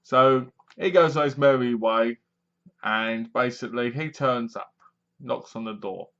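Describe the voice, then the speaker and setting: Animated man retelling a film. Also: medium pitch, unhurried, muffled recording. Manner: animated plot retelling with acted-out reactions and sound effects. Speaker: film reviewer. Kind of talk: casual film review monologue.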